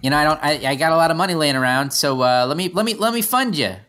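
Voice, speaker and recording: A man's voice: a little high, quick pace, bright, forceful tone. A man doing an impression of a laid-back movie actor offering to fund a show, drawling and saying man a lot.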